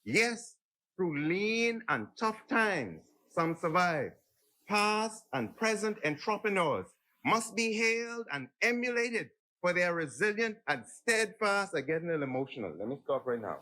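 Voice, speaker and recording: A man's voice: high voice, big pitch swings, measured pace, bright, forceful tone, low-quality recording. A man with a Bahamian accent giving an earnest parliamentary budget debate speech in a chamber, listing names and groups and addressing the Speaker again and again. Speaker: member of parliament.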